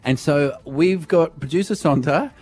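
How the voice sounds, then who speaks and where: A man's voice: a little high, measured pace, darkish tone, slightly rough, faint music behind. A man co-hosting a radio show, joking playfully and laughing often. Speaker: radio co-host.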